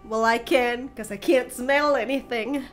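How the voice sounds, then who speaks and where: A woman's voice: on the high side, measured pace, soft background music. A woman with a congested, nasal voice from being sick, hosting a reaction video in rambling casual chat full of fillers and swearing. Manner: chatty, rambling with fillers and swearing, gushing excitedly while reacting. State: congested and recovering from illness, coughing.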